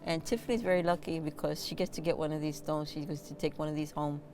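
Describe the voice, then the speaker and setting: A woman's voice: deep voice, fairly even intonation, quick pace, a little mellow, faint music behind. A woman who hosts the show and works as a massage therapist, giving casual spiritual advice in a blunt, encouraging way and swearing now and then. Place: indoors, on a squeaky chair.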